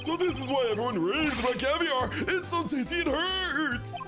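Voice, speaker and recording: A man voicing a hungry, easily flustered elderly male judge in a squeaky, excited voice. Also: moderate pace, over music. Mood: giddy excitement.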